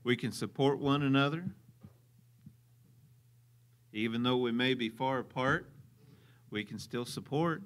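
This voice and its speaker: A man's voice: mid-range voice, unhurried, long pauses, a bit bright. A man with a Southern US accent preaching a sermon as pastor, repeating phrases for emphasis and chuckling now and then.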